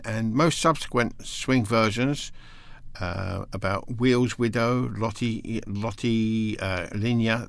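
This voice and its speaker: Low-voiced rambling male presenter. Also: a bit bright, no echo. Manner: rambling, hesitant, loses his place in his notes; reads facts aloud between asides. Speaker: radio presenter. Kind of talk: casual music show presenting.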